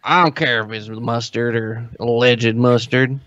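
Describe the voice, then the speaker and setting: A man's voice: medium pitch, a little slow, dull audio. A man co-hosting a podcast, dropping dry jokes into his partner's story. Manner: dry, deadpan quips. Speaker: podcast co-host. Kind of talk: casual comedic banter.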